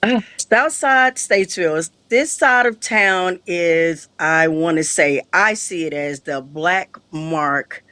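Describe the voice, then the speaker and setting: A woman's voice: fairly low pitch, takes it slowly, bright, forceful tone, clear, resonant tone, dry recording. A woman, a local resident speaking as a show guest in a plain, hesitant way.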